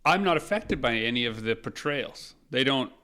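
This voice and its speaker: A man's voice: medium pitch, animated, normal speed, bright, forceful tone. A man co-hosting a casual podcast, wry and talkative, often speaking to the listener. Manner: wry, addresses the dear listener. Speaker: podcast co-host.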